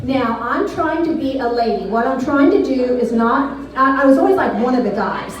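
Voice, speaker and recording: A woman's voice: sits high, lively intonation, moderate pace. A middle-aged woman doing off-the-cuff stand-up, rambling and candid, often laughing at her own jokes. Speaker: stand-up comedian. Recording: echoey room, voice from far off.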